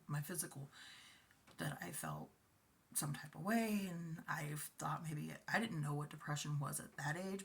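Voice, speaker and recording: Low, gravelly woman in her forties. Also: a little hiss or hum. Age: 40s. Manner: soft, halting, often near a whisper. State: emotional, tearful at times. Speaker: vlogger. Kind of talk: personal confessional rant.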